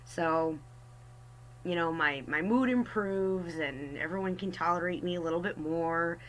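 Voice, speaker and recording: A woman's voice: on the low side, a little slow, fairly bright tone, slight background noise, low-quality recording. A young woman telling a personal story in a casual, chatty way, wry and self-mocking. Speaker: artist storyteller.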